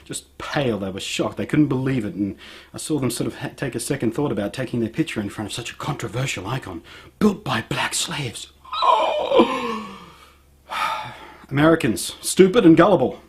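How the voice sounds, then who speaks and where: A man's voice: mid-range voice, wildly swooping pitch, a little slow, a bit bright. Sarcastic Australian man ranting. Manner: sarcastic, mocking. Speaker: vlogger. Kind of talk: ranting vlog monologue.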